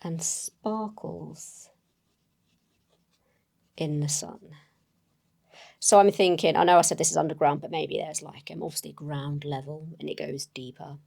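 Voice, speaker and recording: Low gravelly woman thinking aloud. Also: steady tone, a little slow, long pauses, darkish tone. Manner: hesitant, with many fillers and self-corrections. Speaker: solo tabletop player. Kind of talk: thinking aloud while playing and writing.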